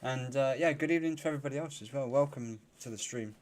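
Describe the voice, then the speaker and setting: A man's voice: medium pitch, quick pace, darkish tone, slight background noise. Chatty man greeting stream viewers. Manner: chatty, greets viewers by name, laughs often. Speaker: livestream host. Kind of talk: casual live-stream chat.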